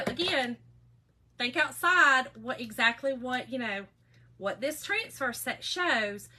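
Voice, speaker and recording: A woman's voice: on the high side, pushed and bright, low-quality recording. A middle-aged woman, hosting a casual craft livestream in a folksy, chatty way and greeting viewers by name.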